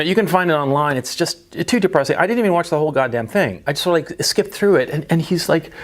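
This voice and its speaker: Blunt, gravelly-voiced man ranting. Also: a little high. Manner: blunt, emphatic, profane. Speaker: video commentator. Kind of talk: opinionated monologue to camera.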